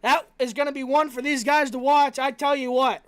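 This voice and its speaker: A man announcing a live race with energetic, rapid-fire play-by-play commentary. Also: very high-pitched.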